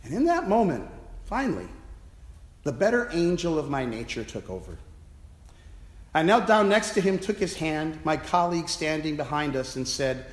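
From the pulpit, a priest gives a sermon that is reflective and built around storytelling. He speaks in a slightly high, sing-song voice at a moderate pace, and the church's echo leaves a long reverb.

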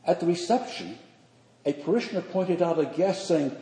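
An older man, a priest, preaching a sermon in measured, earnest phrases with slow emphatic pauses. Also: fairly high pitch, lively intonation, mellow. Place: church sanctuary. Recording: echoey church hall.

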